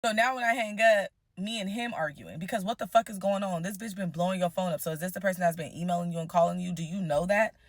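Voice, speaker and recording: A woman telling a story in a casual vlog, blunt and profane, animated and fired up. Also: lowish voice, fast, few pauses, no room sound, clean studio sound.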